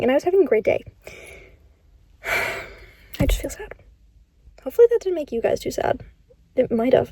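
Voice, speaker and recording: A young woman vlogging about books she is reading, chatty and animated, often slipping into a whisper. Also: a little high, moderate pace, long pauses. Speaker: book vlogger. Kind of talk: casual reading vlog. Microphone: camera facing the speaker.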